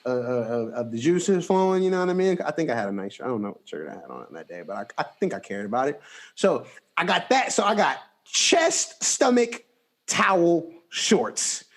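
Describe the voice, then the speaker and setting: Young guy podcast host, slangy and animated, voice a bit high and jumping around a lot. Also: moderate pace. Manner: animated, slangy storytelling with big pitch jumps. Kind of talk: casual storytelling.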